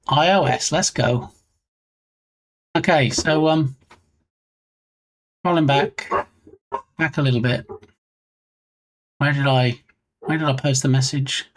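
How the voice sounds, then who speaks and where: A man's voice: a little high, expressive, a little slow, pauses often. Rambling man chatting on a live stream. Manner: rambling, reads chat aloud, dry self-mocking asides. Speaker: game dev streamer. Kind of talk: casual live-stream chat.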